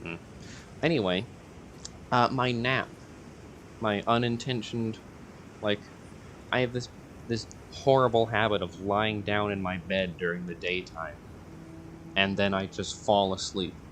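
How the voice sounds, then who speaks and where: A man's voice: fairly low pitch, fairly even intonation, a little slow, long pauses, fairly bright tone, a little hiss or hum. A young man rambling casually in a vlog, hesitant and full of fillers and self-corrections. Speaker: YouTuber.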